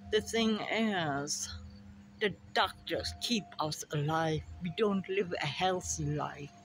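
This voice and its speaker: A woman's voice: fairly low pitch, slow, a little hiss or hum. A middle-aged woman talking reflectively in a personal vlog, sometimes dropping to a whisper for asides. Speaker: vlogger.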